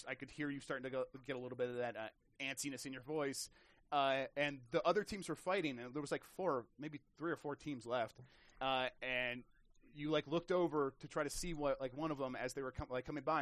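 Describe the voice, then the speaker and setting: A man's voice: mid-range voice, a little fast, no echo. A man in casual podcast chat about games, telling stories with lots of restarts and acted-out quotes. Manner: animated storyteller, many restarts, acts out quotes.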